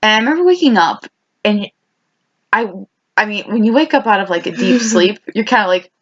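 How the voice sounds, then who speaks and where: A woman's voice: medium pitch, expressive, a little fast. Rambling young woman, lo-fi podcast audio. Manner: rambling, many restarts and quoted asides. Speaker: podcast co-host. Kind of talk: casual chat between best friends.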